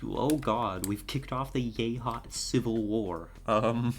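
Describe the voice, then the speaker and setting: A woman's voice: rumbling low, slow pace. A woman streaming a video game, talking casually and in an easily moved way, with lots of fillers and laughter. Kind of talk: casual live-stream commentary.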